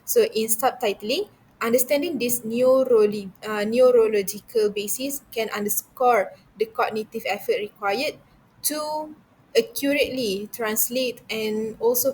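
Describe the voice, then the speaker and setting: A woman's voice: a little high, a little slow, husky, low-quality recording. A young woman giving a university class presentation, reading through her points with frequent hesitations and restarts.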